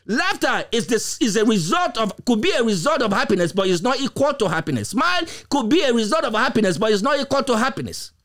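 A man preaches a sermon in a very high-pitched, somewhat bright voice. He stretches out key words, fires off emphatic, repetitive rhetorical questions and laughs now and then.

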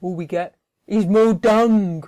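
A woman playing a resentful, friendless husband from a folktale, whining that life is unfair. He speaks slowly and sourly. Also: mid-range voice, warm tone, lightly acted. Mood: sulking. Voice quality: whiny, complaining. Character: sulky, resentful, miserly village husband.

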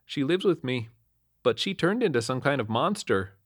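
A man's voice: medium pitch, big pitch swings, normal speed, breathy edge, voice pushed up. A man voicing a frightened, bitten man in a spoken horror story, pleading in a raised voice.

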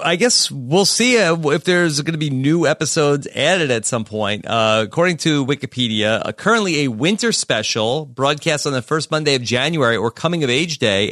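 Laid-back man host, somewhat high. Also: animated, moderate pace, a bit bright, no echo, clean studio sound. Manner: laid-back, reads facts aloud, many affirming murmurs. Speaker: podcast host. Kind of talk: casual chat.

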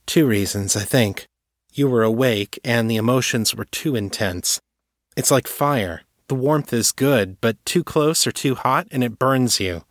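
A man reading aloud and voicing a calm, firm young woman telepath who explains and reassures steadily. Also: mid-range voice, a little slow, no room sound, studio quality, close to an everyday voice. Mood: explaining.

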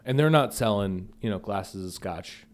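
A man's voice: lowish voice, animated, moderate pace. A young man co-hosting a comedy podcast, arguing his side playfully and laughing mid-sentence. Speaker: podcast co-host. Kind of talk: casual comedic banter.

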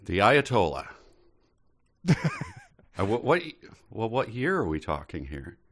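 A man's voice: lowish voice, huge pitch swings, measured pace. A man chatting as a guest, playful and laughing often, hesitating over his guesses. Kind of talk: casual chat.

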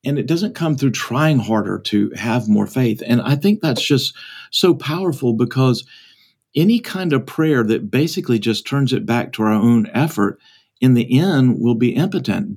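As a podcast guest, a pastor and author tells a story with earnest feeling, performing the different voices in it. He speaks at a moderate pace in a mid-range voice that's a little mellow and slightly rough, with lively intonation.

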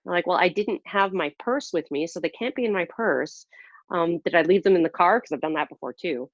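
A woman's voice: fairly low pitch, a little fast, no echo, dull audio. A woman telling a personal story in casual conversation, rambling and self-deprecating with lots of fillers and restarts.

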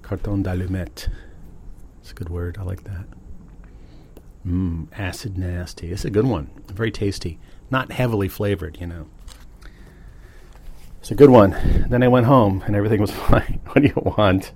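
Relaxed, chatty man with a low voice. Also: moderate pace, long pauses, a little hiss or hum. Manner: relaxed, chatty, self-amused. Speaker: podcast host. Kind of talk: casual rambling monologue.

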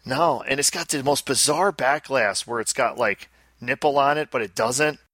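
A man's voice: medium pitch, a bit bright, no echo. A man co-hosting a casual podcast, rambling and joking about pinball machines. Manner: rambling, joking, fast asides. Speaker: podcast co-host. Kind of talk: casual chat.

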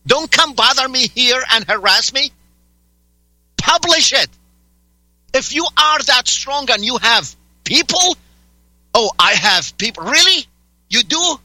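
A male radio host with a very high, sharply bright voice, firing sarcastic demands and cutting in over a caller. The studio sound is close and dry, with no room echo. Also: expressive, takes it slowly, long pauses. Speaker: radio talk show host. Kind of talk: heated on-air argument with a caller.

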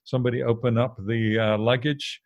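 A man's voice: medium pitch, flat delivery, a little fast, dry recording, highs cut off. A man co-hosting a podcast, explaining ideas in an earnest, casual way and often repeating words. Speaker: podcast co-host.

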